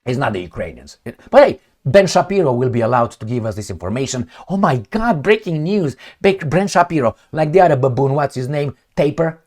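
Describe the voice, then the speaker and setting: A man's voice: medium pitch, fairly quick, hardly any pauses. A man riffs through his own commentary vlog in a blunt, profane way, with a voice that swings up and down all the time. He hammers points home by repeating words and throws in mouth-made sound effects like gunshots and kicks. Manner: animated, emphatic, repeats words for stress. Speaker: channel host. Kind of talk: opinionated political commentary vlog.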